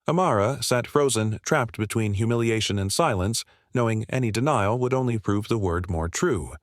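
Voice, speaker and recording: A man narrates a dramatic story in a low, steady voice. His delivery is even and measured, like a scripted reading. The recording is dry and close, with no room sound. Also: no room sound.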